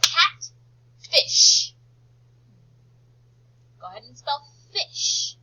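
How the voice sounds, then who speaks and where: A woman teacher leading a slow phonics lesson for young children, stretching out words for them to repeat and praising them often. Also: on the high side, very animated, sharp tone, husky, highs cut off. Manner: slow, drawn-out word modelling and encouraging praise.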